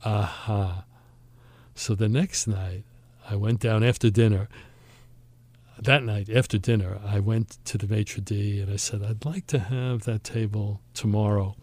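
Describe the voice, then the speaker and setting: Animated male podcast host telling stories. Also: on the low side, unhurried, no echo. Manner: animated storyteller, acts out quoted voices. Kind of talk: storytelling chat.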